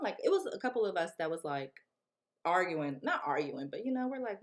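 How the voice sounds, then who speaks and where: A young woman vlogging, telling a story in a casual, slangy, animated way and acting out what people said. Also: fairly low pitch, normal speed, pauses often. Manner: animated, slangy, acts out quotes.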